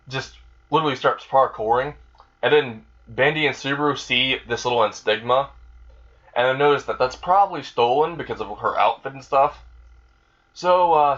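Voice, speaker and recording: A young man rambles through a made-up fan story, stopping and restarting his sentences and swearing freely. His voice sits at an ordinary middle pitch. The recording sounds dull and lo-fi, like a cheap home mic. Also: a bit bright. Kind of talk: casual improvised story retelling.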